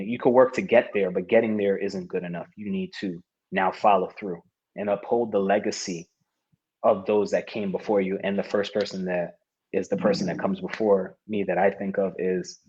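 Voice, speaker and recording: A man in his thirties, a podcast guest, telling stories in a casual interview, laughing often and acting out what people said. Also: low voice. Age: 30s. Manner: animated storyteller who laughs often and acts out quoted lines. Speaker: podcast guest, martial arts competitor. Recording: dull lo-fi audio.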